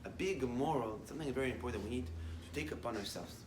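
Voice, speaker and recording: A man's voice: medium pitch, animated, quick pace, roomy sound, far from the mic, background noise. A man giving a short morning sermon as a rabbi, telling a story in English with many Hebrew terms and building up to emphatic declarations.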